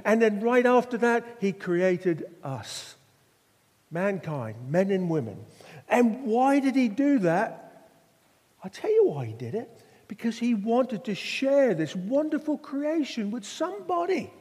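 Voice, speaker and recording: A man's voice: very high voice, very animated, unhurried, darkish tone. An older man from Norfolk, England, preaching a sermon with stories and rhetorical questions. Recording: long hall reverb.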